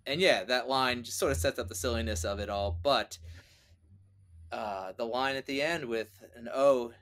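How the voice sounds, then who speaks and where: A man's voice: mid-range voice, moderate pace, fairly bright tone. Reflective man talking music, mid voice. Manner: reflective, thoughtful, chuckles often. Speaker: guest musician. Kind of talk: casual conversation about music.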